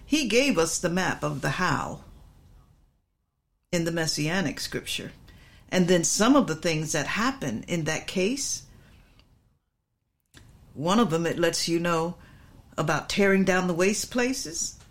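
A middle-aged woman preacher teaching a sermon, emphatic and repetitive, drawing out her stresses. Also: on the low side.

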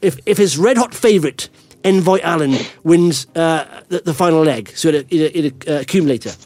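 A middle-aged man hosting a podcast, chatting casually in an excitable, rambling way. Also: on the high side, dry recording. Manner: excitable, rambling, quick-fire. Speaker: podcast host. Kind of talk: casual investing podcast chat.

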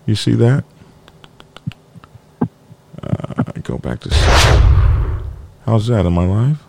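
A man with a gravelly, fairly low voice hosts a casual biker news live stream. His pitch jumps around a lot as he rambles and jokes. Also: sing-song, slow, very noisy. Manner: rambling, joking, talks to his dog mid-show. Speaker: biker news show host.

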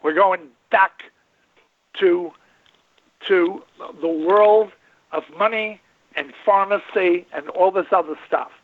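He speaks slowly in a high pitch, with long pauses: a veterinarian in his seventies running a call-in radio show. His style is rambling and folksy, emphatic through repetition, heard over a tinny phone line.

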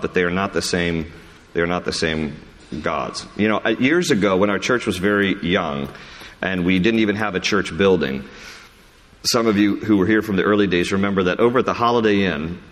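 A man pastoring a congregation through a question-and-answer sermon, loose and conversational, poking fun at himself. His voice sits fairly low. The sound rings with the long reverb of a big hall. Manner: conversational, self-deprecating, animated when quoting others.

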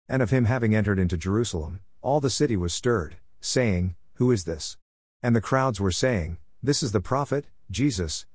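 Man, scripture reader, low voice, dry close sound, steady even delivery. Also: no echo. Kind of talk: scripture reading.

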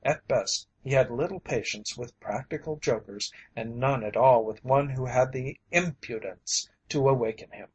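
Man reading an old western story out loud, steady, really husky rough voice. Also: mid-range voice, normal speed, few pauses, highs cut off. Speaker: audiobook reader. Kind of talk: storybook narration.

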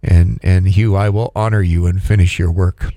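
A middle-aged man co-hosting a podcast, talking in a halting, emotional way with many restarts. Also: sits low, steady tone, mellow, no room sound, clean studio sound. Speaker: podcast co-host. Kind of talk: casual chat.

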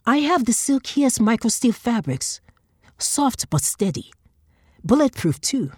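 A woman's voice: fairly high pitch, sing-song, a little slow, husky, no echo, clean studio sound, voice pushed up, exaggerated voice. A woman voicing a pushy market trader with an eager sales patter. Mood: coaxing.

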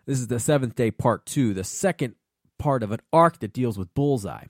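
A young man hosting a podcast, rambling in a casual solo monologue full of swearing and excited outbursts. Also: medium pitch, normal speed, dry recording, studio quality. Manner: profane, excitable rambling with laughs. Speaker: podcast host.

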